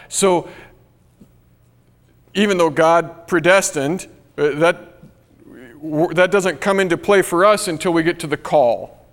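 A man preaching a sermon, earnest and emphatic, slowing down to stress key phrases. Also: fairly high pitch. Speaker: pastor. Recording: long hall reverb.

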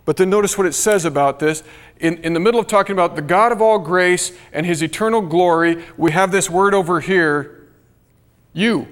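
An earnest man preaches a sermon and slows down to stress his key phrases. His voice sits a little high. The long reverb of a large hall trails behind him. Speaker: pastor.

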